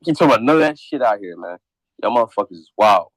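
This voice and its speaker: Brief: male host, slightly low register, very lively swinging delivery, blunt and profane, dry close sound. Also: fast talker, no room sound, poor audio. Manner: profane, animated, blunt trash talk. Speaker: podcast host. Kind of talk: casual chat.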